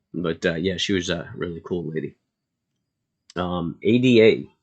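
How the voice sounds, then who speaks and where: A man with a low, gravelly voice talks loosely through a live market stream. He rambles with frequent ums and uhs and chats with his viewers as he goes. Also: darkish tone, muffled recording. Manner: laid-back, chatty asides to viewers. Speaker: live trading stream host.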